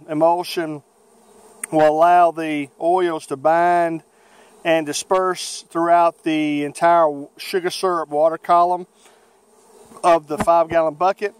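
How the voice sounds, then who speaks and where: A man with a Southern American accent talks unhurriedly, in a folksy way full of fillers, as he explains his beekeeping. His voice sits a little high and sounds smooth and clear. Bees buzz around him in the open-air bee yard. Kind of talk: outdoor how-to video. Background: buzzing bees.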